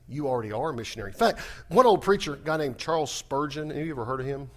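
Pastor guy preaching, fast and jokey, voice jumps all over, kinda high. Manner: animated, humorous, talks fast. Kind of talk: sermon.

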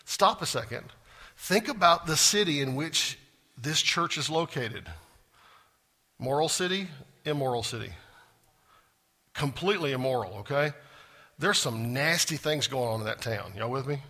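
A man's voice: medium pitch, animated, measured pace, pauses often, bright, forceful tone. A man preaching a sermon, chatty and self-joking, asking the congregation questions. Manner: conversational, asks the congregation questions, jokes at himself. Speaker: pastor. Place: church sanctuary.

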